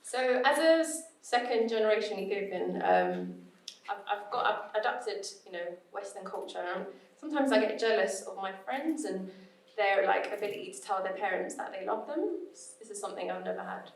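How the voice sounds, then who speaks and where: A woman's voice: medium pitch, sing-song, normal speed. A young woman, a stand-up comedian chatting in an interview and laughing through her stories. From United Kingdom. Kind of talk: casual interview, with comic set excerpts.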